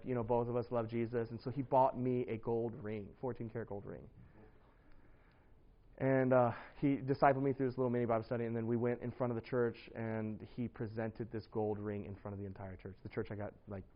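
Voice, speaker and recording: A man's voice: mid-range voice, dull audio. A man preaching, telling a personal story with lots of fillers and bursts of laughter.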